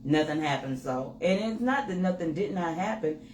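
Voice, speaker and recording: A woman co-hosting a candid couple's chat with her husband, telling personal stories with lively acted-out inner dialogue. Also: on the low side, moderate pace. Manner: animated storytelling, acts out her own inner voice. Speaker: co-host. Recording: roomy with faint noise.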